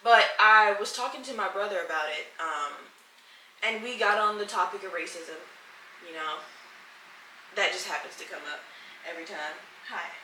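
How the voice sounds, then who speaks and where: A woman's voice: medium pitch, normal speed, sharp tone, recorded from a distance, slight background noise. A woman hosting her own podcast from home, chatting casually and candidly with plenty of swearing, talking straight to her listeners. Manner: candid, profane, emotional, addresses listeners as y'all. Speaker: podcast host. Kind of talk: casual solo podcast chat. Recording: roomy echo, slightly off-mic.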